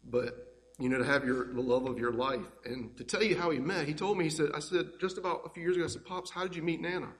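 A man's voice: fairly high pitch, fairly even intonation, fast. A man telling fond, rambling family stories in a eulogy, speaking in a church. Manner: warm, rambling, fond anecdotes. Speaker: grandson giving a eulogy. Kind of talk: heartfelt eulogy storytelling. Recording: echoey church hall with long reverb.

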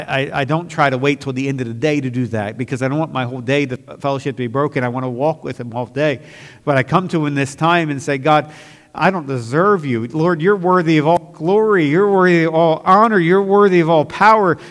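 Male pastor preaching; mid-range voice, shifts from hushed reflection to fervent peaks, long church reverb. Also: mid-range voice, gravelly. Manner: swings from quiet reflection to loud fervent outbursts. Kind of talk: sermon.

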